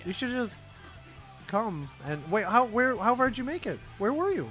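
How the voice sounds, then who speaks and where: A man's voice: very high-pitched, very animated, normal speed, a bit bright, soft background music. A man co-hosting a casual chat podcast from a comic book shop, joking, self-mocking and laughing often. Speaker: podcast co-host.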